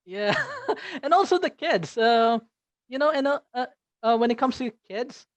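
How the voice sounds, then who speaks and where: A man's voice: very high-pitched, expressive, measured pace, no room sound, dull audio. A man from the Philippines with a Filipino accent, an English teacher speaking as a guest in an interview, hesitant with many fillers and restarts. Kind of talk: interview conversation.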